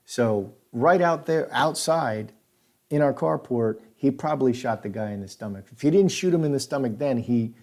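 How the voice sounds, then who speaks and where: A man tells a story aloud in a loose, rambling way, circling back and restarting his sentences as he goes. His voice sits at an ordinary middle pitch, and his delivery is plain and conversational. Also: darkish tone. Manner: rambling, repetitive, halting restarts. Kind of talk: casual spoken recollection.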